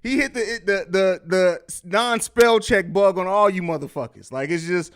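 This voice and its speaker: High-voiced casual man hosting a stream. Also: moderate pace, few pauses. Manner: loose and profane, laughs often, reads viewer chat aloud. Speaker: podcast host. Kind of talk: casual live-stream chat.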